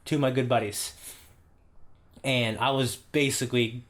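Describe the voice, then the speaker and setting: A man's voice: mid-range voice, normal speed. A man in his thirties, a podcast co-host, telling a long personal anecdote in a casual, profane style, checking in with "okay?" as he goes. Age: 30s. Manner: profane, animated anecdote with frequent "okay?" asides. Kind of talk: casual storytelling.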